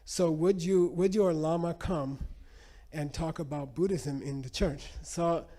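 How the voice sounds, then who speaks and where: A man, a Buddhist teacher, giving a talk full of lively, animated anecdotes with many casual asides. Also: on the high side, unhurried. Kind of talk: storytelling talk.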